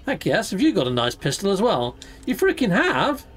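A man's voice: high voice, wildly swooping pitch, normal speed, slight background noise. A man hosting a let's play, chatting playfully as he loots and fights, full of exclamations and mild mock swearing. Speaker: gaming channel host.

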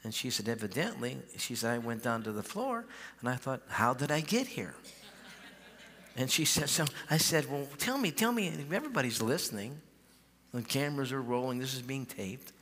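A man pastor telling a healing story in a sermon, acting out the dialogue and calling on the crowd to shout. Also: mid-range voice, normal speed. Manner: animated, acts out quoted dialogue, calls for shouts. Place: large church hall. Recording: live church hall with long reverb.

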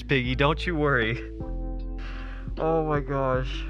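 Male streamer, drawn-out unhurried talk, overwhelmed and grateful, lots of laughter. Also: fairly high pitch, over music. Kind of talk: live stream chat reaction.

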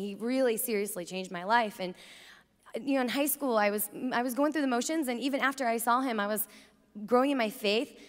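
A young woman speaking at a youth conference, telling stories in a chatty way with lots of "like" and "you know". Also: a little high. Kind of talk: energetic faith talk to a youth crowd. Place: large conference arena. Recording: long hall reverb from a large arena.

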